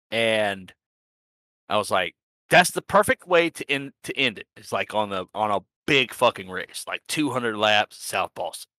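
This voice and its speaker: Bright-voiced, profane guy rambling. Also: medium pitch, no room sound. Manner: rambling, profane, laughs at himself. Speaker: sim racing league organizer and podcast host. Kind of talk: casual profane recap chat.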